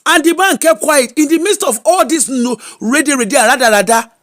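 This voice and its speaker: Hosting her own show, a Nigerian woman chats through celebrity gossip, reacting with unscripted exclamations and dropping in Pidgin and Yoruba asides. Her commentary is relaxed and casual, pitched high and delivered at a normal speed.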